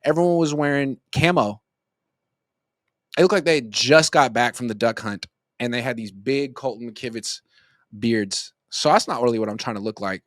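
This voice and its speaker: A man in his late thirties chatting through sports commentary in a loose, rambling way, full of jokes and asides. His voice sits at an ordinary middle pitch. The sound is close and dry, with no room echo. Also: moderate pace. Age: 30s. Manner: rambling, joking storyteller.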